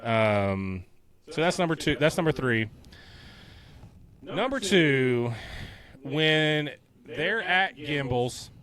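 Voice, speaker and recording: Animated man chatting on a podcast. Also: fairly high pitch, slow, pauses often, a crowd in the background. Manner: animated, quotes movie lines in silly voices. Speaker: podcast co-host. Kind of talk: casual podcast chat.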